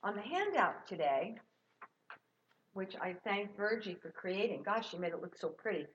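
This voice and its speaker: A middle-aged woman gives an encouraging sermon in a church sanctuary. Her voice sits at a middle pitch. The recording is a little dull and lo-fi. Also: sing-song, moderate pace, a little hiss or hum. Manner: warm, encouraging, leads the congregation in call-and-response. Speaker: guest minister. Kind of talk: sermon with sung jingles.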